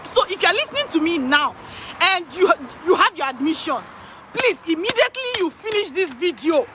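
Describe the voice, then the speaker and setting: A woman working as an immigration consultant, talking excitedly to her viewers, repeating phrases for emphasis and laughing often. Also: very high voice, brisk, very noisy. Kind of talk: excited direct-to-camera talk. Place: in Canada.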